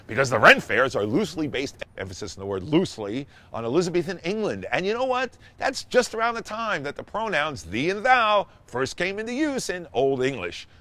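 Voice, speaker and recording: Guy hosting and telling a story, sarcastic and wry, lively up-and-down voice. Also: fairly high pitch. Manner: animated, wry and sarcastic, rising to excited emphasis. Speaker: host and storyteller. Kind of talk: storytelling monologue.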